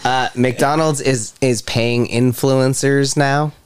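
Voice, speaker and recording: A man's voice: medium pitch, fairly even intonation, takes it slowly, clean tone, dry recording. A man co-hosting a casual podcast chat, joking as he brings up each news item. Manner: joking, leads the topics. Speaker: podcast co-host.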